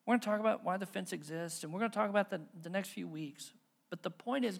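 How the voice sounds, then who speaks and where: Easygoing pastor doing a sermon, storytelling style, jokey and folksy, stumbles over words when he gets going. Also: mid-range voice. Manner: conversational storytelling, asks the congregation questions; folksy, self-deprecating humor.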